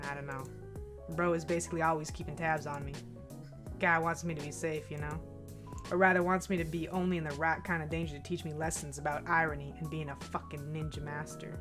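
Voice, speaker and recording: A woman voicing a cool, ironic teenage boy with a deadpan, drawling delivery and casual swearing. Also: sits low, a little fast, over music, pitched below the performer's own voice, natural voice. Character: cool ironic teen boy, laid-back swagger.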